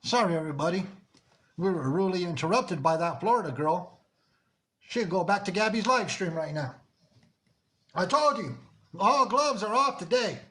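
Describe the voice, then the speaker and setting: High-pitched scolding livestream host. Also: male voice, expressive, moderate pace, long pauses, pushed and bright. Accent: Mexican-American. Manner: scolding, insistent, repeats himself. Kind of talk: confrontational livestream talk.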